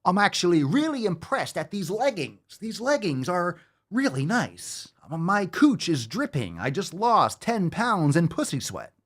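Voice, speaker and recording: A man's voice: sits high, very animated, a little slow, fairly bright tone, voice pushed up, full character voice. A man putting on the voice of a young, airheaded woman influencer who gushes in a vapid, breathless way. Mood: mocking gushing.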